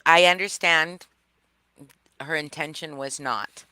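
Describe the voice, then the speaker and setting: Bright, smooth-voiced woman host. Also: sits low, slow pace, dry recording. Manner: frank, blunt. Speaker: livestream host. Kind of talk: casual chat. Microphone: streaming video call.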